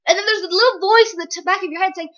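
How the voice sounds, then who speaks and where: A young woman giving an excited, gushing book review in a casual, dramatic way. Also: very high-pitched, racing, muffled recording. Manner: gushing, dramatic, very animated retelling.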